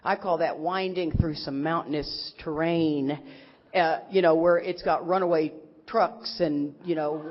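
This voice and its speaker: Animated middle-aged woman telling stories in a hall. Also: deep voice, a little slow. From Texas. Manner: animated, rambling, acts out quotes of others. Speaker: speaker at a recovery convention. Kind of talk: humorous personal storytelling talk. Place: large convention hall. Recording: echoey hall, dull lo-fi sound.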